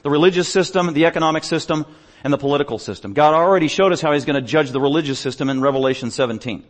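A man preaching a sermon as pastor, emphatic, building up in pitch and volume on repeated lists.

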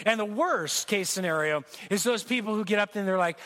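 A man preaching a sermon in church, telling jokey stories in an animated way, with asides to the congregation. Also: sits high, brisk, few pauses. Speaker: pastor. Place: church sanctuary.

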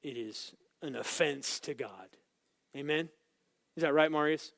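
A man teaching a Bible lesson as a sermon, swinging between loud, emphatic scripture reading and quiet, casual asides to his listeners. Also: a little high, a little slow, gravelly, no echo, clean studio sound. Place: church room with small group.

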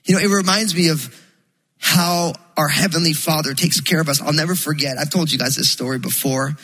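A pastor from New Jersey preaching a sermon, telling a story in a loose, chatty way full of fillers. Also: male voice, a little high, a little fast, sharp tone, husky, low-quality recording.

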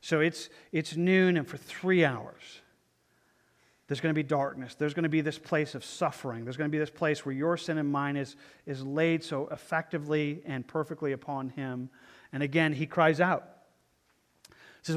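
A pastor preaching a sermon and reading scripture aloud, slow and reflective, letting his phrases fade softly at the ends. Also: a little high, steady tone. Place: church sanctuary with lights dimmed. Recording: long reverb of a church hall.

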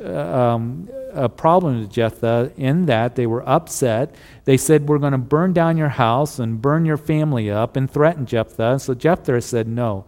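A man's voice: medium pitch, darkish tone. A man preaching a sermon, retelling Bible stories in a conversational teaching manner and often asking his listeners to recall earlier passages. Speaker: pastor. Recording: long hall reverb.

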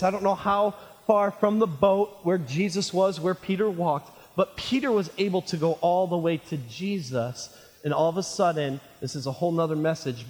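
A male pastor in his thirties preaches with a slightly high voice, pulling the congregation in with questions. He swings from raised, ringing lines down to near-whispers. The sound carries a long reverb, like a church hall. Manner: preaching with call-and-response questions, voice swinging from shouts to near hush. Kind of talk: sermon. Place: church sanctuary.

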